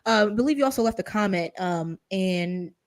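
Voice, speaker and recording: A woman hosting a live stream in a casual, joking way, full of slang. She talks quickly at a medium pitch. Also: lively intonation. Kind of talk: casual chat.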